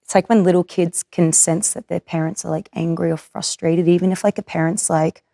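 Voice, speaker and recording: A woman's voice: lowish voice, fairly even intonation, brisk, creaky, warm tone, no room sound. Chatty Australian woman, dry close sound. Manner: chatty, many filler likes. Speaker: actor. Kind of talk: casual conversation.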